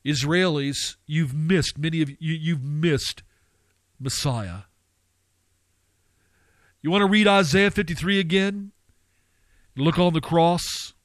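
A man delivers a fervent sermon in a fairly high voice, recorded close and dry with no room sound. He keeps asking his listeners questions and climbs into urgent, pleading bursts. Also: slow, long pauses, dry recording. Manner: impassioned, surging to fervent high-pitched pleading. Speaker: preacher. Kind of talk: radio sermon.

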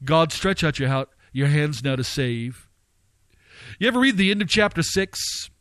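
A man delivers a fervent sermon in a fairly high voice, recorded close and dry with no room sound. He keeps asking his listeners questions and climbs into urgent, pleading bursts. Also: lively intonation, unhurried, fairly bright tone, no room sound. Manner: impassioned, surging to fervent high-pitched pleading. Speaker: preacher. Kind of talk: radio sermon.

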